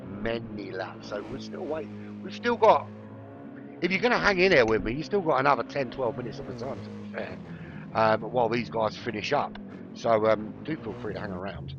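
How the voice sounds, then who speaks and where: A middle-aged Londoner with a London accent gives rambling solo commentary on a sim race, chatty and prone to joking digressions. His mid-range voice carries vocal fry, and the audio sounds dull.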